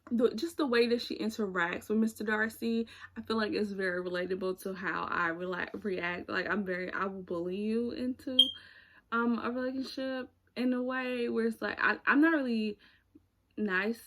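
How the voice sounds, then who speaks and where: A woman's voice: mid-range voice, fairly even intonation, moderate pace, fairly bright tone. A young woman vlogger chatting casually about movies she watched, rambling and searching for words with frequent fillers. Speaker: YouTuber reviewing movies. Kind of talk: casual chat.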